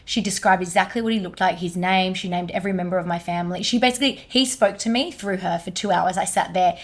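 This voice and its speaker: A woman, a guest energy healer, telling a personal story in animated casual conversation with lots of "like". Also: on the low side, quick pace. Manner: animated, many fillers like "like".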